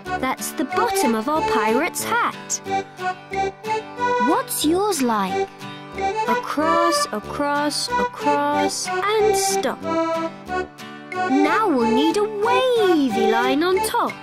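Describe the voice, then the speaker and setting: Performer for a cheerful little drawing monster in a kids' cartoon, high and very lively. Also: loud music behind the voice, heavily acted. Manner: cheerful, slow step-by-step drawing instructions. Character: friendly young drawing monster. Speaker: drawing guide. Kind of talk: children's cartoon voice acting.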